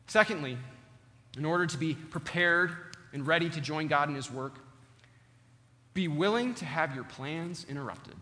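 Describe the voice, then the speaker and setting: A male pastor preaching a sermon, earnest and deliberate, slowing down to stress key words, in a church sanctuary. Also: fairly high pitch, bright, forceful tone. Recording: long hall reverb.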